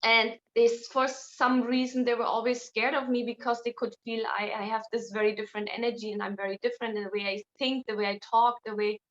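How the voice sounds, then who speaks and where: A woman's voice: on the high side, flat delivery, brisk, few pauses. A woman speaking as an interview guest, blunt and outspoken in casual conversation. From Germany. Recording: dull lo-fi sound.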